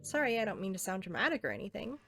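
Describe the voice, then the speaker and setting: A woman reading aloud as a self-aware teenage game girl, earnest and intimate, softly pleading. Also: mid-range voice, very animated, very fast, soft background music. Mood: tender.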